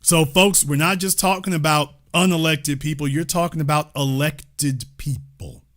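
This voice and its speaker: Bright, emphatic male commentator. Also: a little high, moderate pace. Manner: incredulous, sarcastic asides between quotes. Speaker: political commentary host. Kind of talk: online political commentary, reading news quotes.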